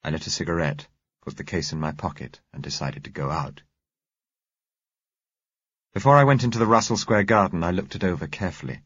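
A man narrating an audiobook in a measured, even storytelling manner. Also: sits low, slightly rough, no room sound. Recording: dull, muffled recording.

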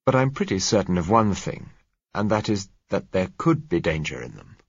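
An earnest, lecturing man presses his theory point by point, read by a man in his own low voice. The voice is husky and dry, with no room sound around it. The recording is dull and lo-fi. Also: sing-song, moderate pace, no room sound, exaggerated voice. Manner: argumentative, lecturing. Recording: muffled lo-fi recording.

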